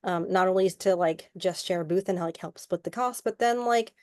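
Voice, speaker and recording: A woman's voice: lowish voice, a little fast, darkish tone, no room sound, studio quality. A woman guest artist talking casually on an online panel, chatty and rambling, with lots of filler words.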